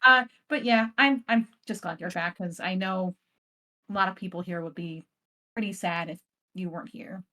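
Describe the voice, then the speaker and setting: A woman's voice: on the low side, moderate pace, pushed and bright. A young woman rambling playfully while roleplaying in a tabletop game, full of fillers. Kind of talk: casual in-character roleplay chat.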